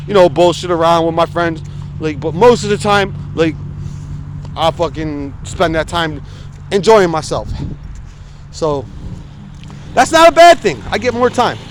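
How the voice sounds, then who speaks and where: A man's voice: sits high, a little hiss or hum. A man in his forties vlogging while he walks outside in the cold, talking bluntly with lots of swearing. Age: 40s. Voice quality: frequent swearing, blunt and emphatic. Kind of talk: casual walking vlog rant. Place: outdoors on a city street, walking in the cold. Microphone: phone camera held while walking.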